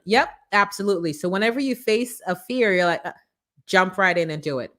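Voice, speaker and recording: A woman hosting a live morning show, giving a preachy, animated motivational talk full of acted-out quotes. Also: mid-range voice, fairly quick.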